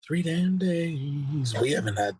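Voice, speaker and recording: A man chatting casually with the hosts on a live call, laid-back with quick asides. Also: on the high side, animated, a little mellow, breathy edge, no echo. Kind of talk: casual chat.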